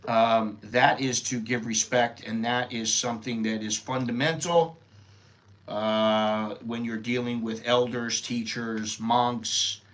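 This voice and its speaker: A man's voice: mid-range voice, a bit bright. Casual American man teaching phrases. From United States. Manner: rambling, informal, thinking aloud with fillers. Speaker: host teaching Thai phrases. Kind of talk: casual live-stream language lesson.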